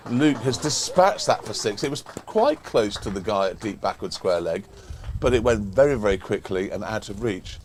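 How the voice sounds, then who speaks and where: A man's voice: on the low side, expressive, normal speed, a little hiss or hum. An English man doing live cricket commentary, reading out scores and figures with dry humour. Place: outdoors at a cricket ground.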